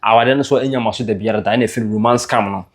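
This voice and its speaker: A man's voice: fairly low pitch, fairly even intonation, very fast. A man with a Ghanaian accent, a news presenter retelling entertainment gossip in a storytelling way, dropping English words into his speech.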